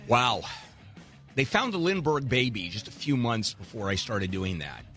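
A man's voice: mid-range voice, very animated, normal speed, fairly bright tone, faint music behind. A man hosting a call-in legal advice radio show, brash and teasing, giving callers blunt advice with wisecracks.

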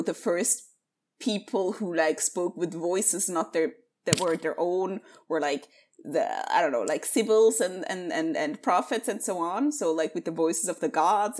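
A woman on a podcast, chatting casually about a film and recounting it in a lively, laughing way. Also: on the low side. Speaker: podcast guest discussing films.

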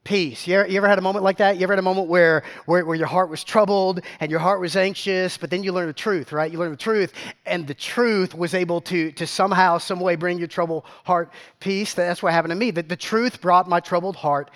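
A man, preaching a sermon built around a story. He talks in an animated way, repeating his words and throwing questions out to the congregation. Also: high-pitched, a little fast. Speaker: pastor.

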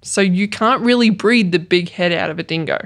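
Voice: mid-range voice, moderate pace, a bit bright. A podcast co-host, reading notes aloud and joking, with frequent swearing. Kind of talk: casual chat reading facts.

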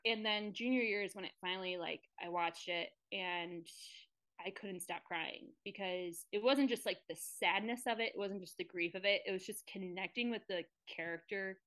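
A woman's voice: mid-range voice, fairly bright tone. A young woman in casual podcast chat, earnest and rambling as she opens up. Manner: earnest, rambling, quick to open up. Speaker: podcast guest.

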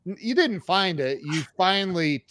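A man in his fifties hosting a casual interview, halting and restarting as he encourages his guest. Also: high voice, expressive, a bit bright, no room sound. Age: 50s. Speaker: podcast host.

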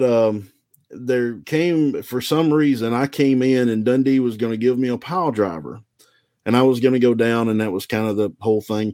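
A man from the American South, a former wrestler, telling stories in a relaxed, rambling, self-deprecating way. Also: medium pitch, no echo. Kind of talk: casual storytelling.

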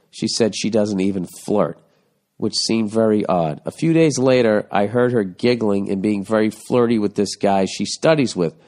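A man's voice: mid-range voice, a little mellow. A man hosting a casual comedic monologue, reading a listener's letter and answering in a blunt, profane, ranting way. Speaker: podcast host giving advice.

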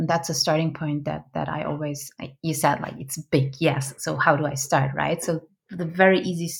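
A woman with a somewhat low voice talks as a podcast guest. She explains in a loose, thinking-aloud way, correcting herself as she goes and checking in with "right?" at the end of her points. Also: gravelly. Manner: thinks aloud with fillers, frequent tag "right?"; restarts and self-corrections. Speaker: podcast guest, product expert. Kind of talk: conversational explanation.

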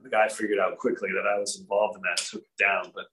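A man with a slightly low voice tells golf stories in an easy, rambling way. He is from Rhode Island and once played on tour. He talks like a guest in a casual chat. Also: fast, slight background noise, poor audio. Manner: relaxed anecdotal, frequent restarts. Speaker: former tour golfer, guest.

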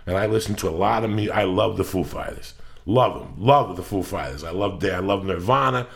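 Gravelly low-voiced man telling stories. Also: a little fast, fairly bright tone. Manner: profane storyteller, acts out quotes. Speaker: podcast host. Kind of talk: casual chat. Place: Los Angeles area.

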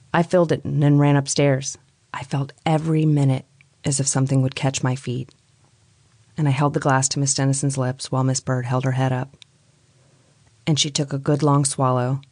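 Woman reading a story, low voice, dry close sound. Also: a little mellow, dry recording. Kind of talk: storytelling narration.

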